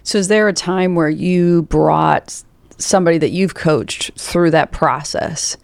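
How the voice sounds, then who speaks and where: A podcast host with a gravelly, creaky voice asks thoughtful interview questions. The voice sits mid-range in a dry, close recording. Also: medium pitch, unhurried, dry recording.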